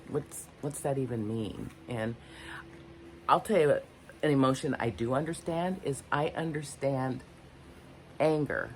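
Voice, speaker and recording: A woman's voice: deep voice, slight background noise. An older woman vlogging unscripted, candid and rambling, often searching for her words. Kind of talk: unscripted personal talk to camera.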